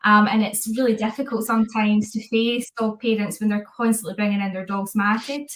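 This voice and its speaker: Woman host, lots of ums, pretty monotone, sounds a bit far off the mic. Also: mid-range voice, fairly quick. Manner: hesitant, many fillers, supportive. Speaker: host of a grooming academy podcast. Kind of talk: informal interview questions.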